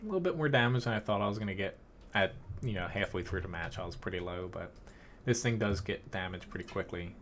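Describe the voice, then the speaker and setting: Male game streamer, lowish voice, casual live commentary to chat, faint background hiss. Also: fast, fairly bright tone. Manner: casual, thinking aloud with fillers and chuckles.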